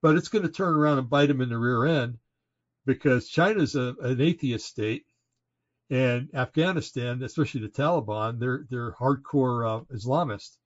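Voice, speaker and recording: A man's voice: medium pitch, normal speed. A man co-hosting a casual political talk show, ranting indignantly with many fillers and restarts. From Oregon, United States. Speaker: podcast co-host. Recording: slightly dull lo-fi audio.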